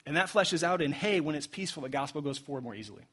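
A young man preaching a sermon in a casual, animated way, laughing often and acting out quotes. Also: fairly high pitch, racing, slightly rough. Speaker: pastor.

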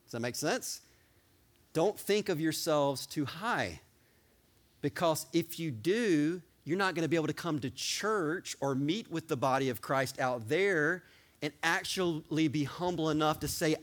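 Male pastor, sermon delivery, excitable and loud at peaks, slightly high voice. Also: unhurried. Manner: excited preaching, sometimes yelling, animated.

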